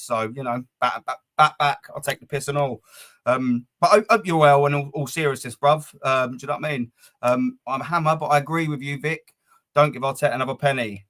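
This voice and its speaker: A man's voice: medium pitch, a bit bright. A young man hosting a live football fan stream, reading chat comments and talking bluntly with plenty of swearing, fillers and repeated words.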